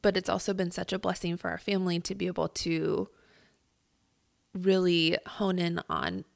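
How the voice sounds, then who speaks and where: A woman co-hosting a podcast, talking in a relaxed, reflective way with a husky morning voice. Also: on the low side, dry recording, studio quality. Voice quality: gravelly vocal fry. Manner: reflective, halting with fillers. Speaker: podcast co-host. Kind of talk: casual podcast chat.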